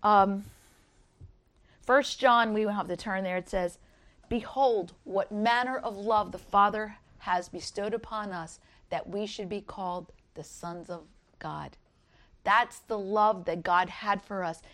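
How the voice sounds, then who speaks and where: A middle-aged woman gives an earnest Easter devotional, reading scripture and sharing personal stories. She speaks slowly in a fairly bright tone, and her voice climbs high when she voices other people.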